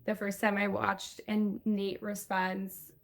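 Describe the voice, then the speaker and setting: A woman's voice: mid-range voice, monotone, slow, vocal fry. A woman co-hosting a podcast, chatting casually as she retells TV scenes. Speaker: podcast co-host. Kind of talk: casual chat recapping a TV episode.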